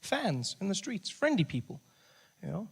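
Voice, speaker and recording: A man from Africa, telling an animated stand-up story that swings between loud and hushed. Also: sits high, moderate pace, creaky, breathy edge. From South Africa. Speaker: comedian. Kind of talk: stand-up comedy.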